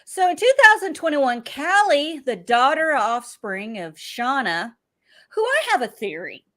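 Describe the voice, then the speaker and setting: A woman in her forties hosts a casual recap show. Her pitch swings widely as she tells stories, laughs, and spins theories in an animated, chatty way. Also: unhurried. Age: 40s. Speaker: podcast host.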